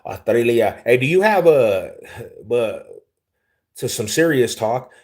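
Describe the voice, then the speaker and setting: Hosting a livestream, a young man from Denver, Colorado, takes it slowly as he reads viewer comments aloud and chats casually. His mid-range voice is very animated, and his style is laid-back, slangy and quick to find things funny.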